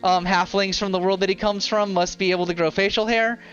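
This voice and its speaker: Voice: mid-range voice, steady tone, fairly quick, fairly bright tone, muffled recording. A game master narrating a tabletop game in a casual, rambling way full of fillers. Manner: casual, filler-heavy storytelling. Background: ambient fantasy music.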